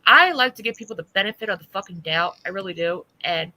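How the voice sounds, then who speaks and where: A woman's voice: mid-range voice, fast talker. A woman hosting a livestream, talking bluntly and with lots of swearing as she tells stories. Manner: blunt, profane, animated storytelling. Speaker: livestream host. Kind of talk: casual livestream chat.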